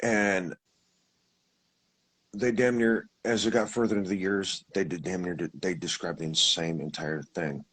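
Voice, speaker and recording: A man with a husky voice, telling his experience in a casual, rambling way, with restarts and acted-out quotes. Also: sits low, steady tone, a little slow, fairly bright tone, low-quality recording. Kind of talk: casual storytelling.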